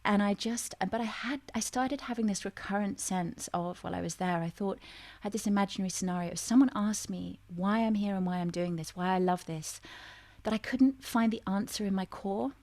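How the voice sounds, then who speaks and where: A woman guest on a radio interview show, telling a personal story in a reflective, searching way, with many pauses and restarts. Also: mid-range voice, darkish tone, no echo.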